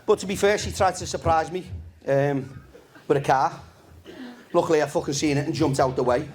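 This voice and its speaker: A man, doing a stand-up comedy set in a relaxed, deadpan, sweary storytelling manner to a live audience. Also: on the high side, moderate pace. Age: 50s.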